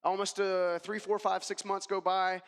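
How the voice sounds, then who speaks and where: Delivering a motivational keynote, a man with a notably high, smooth voice tells his own story with emphasis and calls out directly to the audience. His pitch barely moves and his pace is normal, while a large hall adds a long, trailing reverb.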